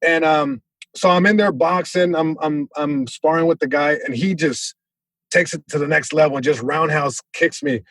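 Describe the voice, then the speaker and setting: A male comedian telling a story in casual podcast chat, lively, acting out voices, with many restarts. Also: fairly high pitch, moderate pace, no room sound. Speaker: comedian guest.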